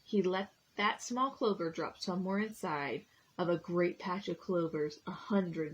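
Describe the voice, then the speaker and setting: A woman's voice: fairly low pitch, unhurried, breathy edge, dull audio. A woman reading a picture book aloud to preschool children and asking them questions along the way. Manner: animated, asks the children questions. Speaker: preschool story time reader.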